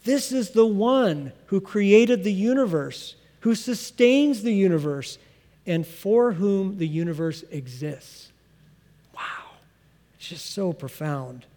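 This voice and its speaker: A man pastor preaching an expository sermon, earnest and emphatic, slowing down to stress key phrases. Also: sits high, dark tone, big-room sound.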